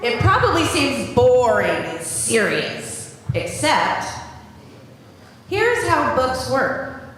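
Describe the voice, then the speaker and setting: A woman's voice: high voice, sing-song, takes it slowly, fairly bright tone. A woman reading a silly picture-free book aloud to children at a church service, switching into sing-song and goofy voices. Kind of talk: playful read-aloud to children. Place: large church sanctuary. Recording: echoey hall from far off, noisy.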